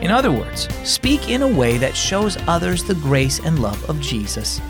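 A man's voice: on the high side, huge pitch swings, moderate pace, music in the background. A man hosting a children's devotional program, reading scripted narration and asking the listener friendly questions.

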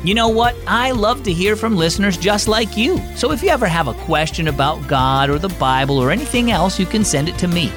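A man's voice: high voice, expressive, brisk, few pauses, music in the background. A man hosting a children's devotional program, upbeat and speaking directly to young listeners. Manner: bright, upbeat, talks directly to kids. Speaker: host.

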